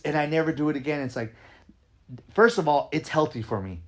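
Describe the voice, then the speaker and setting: A man talking casually as a podcast host and dance coach, energetic and emphatic, often asking "right?" and swearing now and then. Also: on the high side, fairly quick. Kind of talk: casual conversation.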